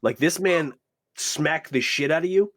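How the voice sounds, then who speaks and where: A man's voice: on the high side, measured pace, a bit bright. Casual, profane game master man. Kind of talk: narrating a tabletop game.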